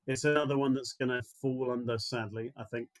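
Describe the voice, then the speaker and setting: A man's voice: mid-range voice, fairly even intonation, brisk, no echo. A man co-hosting a casual podcast, teasing his co-host and giving wry opinions. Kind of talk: casual chat.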